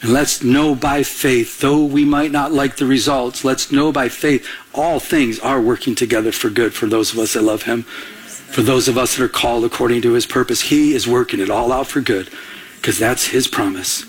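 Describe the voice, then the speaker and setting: A man preaching a sermon as a pastor, telling a personal story with animated energy and laughing at himself. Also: medium pitch, normal speed, slightly rough.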